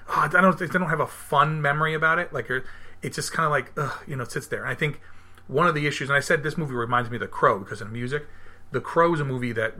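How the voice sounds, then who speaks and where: A man in his thirties hosting a podcast in casual chat, animated, acting out quotes and often restarting his sentences. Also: mid-range voice. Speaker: podcast host.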